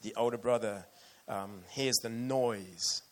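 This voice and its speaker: A man's voice: lowish voice, slow pace. A man preaching a sermon earnestly and with emotion, reading passages aloud to his church.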